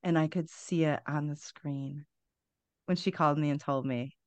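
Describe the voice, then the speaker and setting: Woman in her forties, low voice, dry close sound, blunt and wry, swears a lot, candid storytelling. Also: fairly even intonation, normal speed, darkish tone, no room sound. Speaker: podcast guest.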